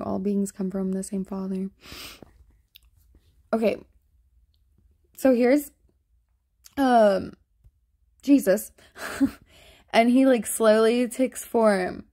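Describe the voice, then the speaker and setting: A woman's voice: medium pitch, creaky, warm tone. Giggly, rambling woman vlogger. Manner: giggly, chatty, trails off often. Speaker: spiritual vlogger showing sky photos. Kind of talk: casual rambling commentary.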